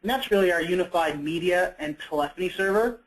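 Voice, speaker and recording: A man's voice: high-pitched, brisk, rough recording. A man presenting a product in a webinar, talking conversationally with frequent fillers and self-corrections.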